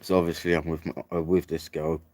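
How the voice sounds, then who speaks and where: A man's voice: extremely low pitch, level tone, fast talker, darkish tone, no echo. A young man telling a long, rambling travel story in casual, sweary slang, full of "like, literally" and "mate".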